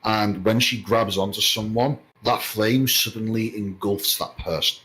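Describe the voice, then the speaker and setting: A man running a tabletop game as game master, giving measured rulings with a few hesitant fillers. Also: lowish voice, steady tone, a bit bright, poor audio.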